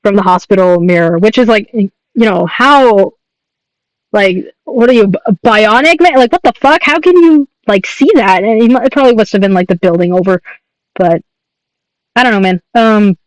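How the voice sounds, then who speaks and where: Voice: mid-range voice, moderate pace, dry recording, poor audio. A young adult artist chatting casually on a livestream while drawing, rambling, laughing often and swearing.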